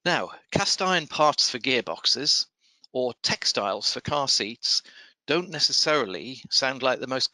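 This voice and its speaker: A man hosting a podcast, reading procurement news in a measured, dryly wry way and then interviewing a guest. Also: medium pitch, gravelly, sharp tone, no echo, poor audio. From United Kingdom. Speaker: podcast host. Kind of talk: scripted news commentary and interview.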